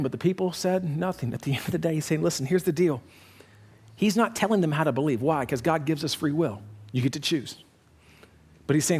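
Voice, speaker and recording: A man preaching a sermon as pastor, animated, acting out quoted voices and dropping to quiet, low lines for emphasis. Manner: acts out quoted voices, quick conversational delivery.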